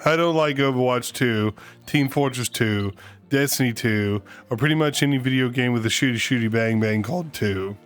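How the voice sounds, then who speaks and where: A man's voice: medium pitch, moderate pace, clean tone, faint music behind. A man hosting a casual livestream, joking and ranting at his chat. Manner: joking, rants and teases chat. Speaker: streamer host.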